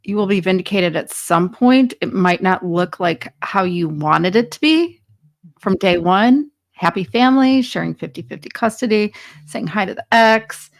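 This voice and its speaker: A woman's voice: on the low side, gravelly, no echo, clean studio sound. A woman hosting a podcast, speaking with passion and emphatic urgency to her guest and listeners. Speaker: podcast host. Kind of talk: podcast conversation.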